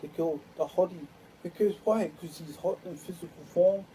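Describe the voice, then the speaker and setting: A man's voice: high-pitched, moderate pace, dark tone, a little hiss or hum, rough recording. Man rambling in loose musings. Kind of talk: rambling monologue to camera.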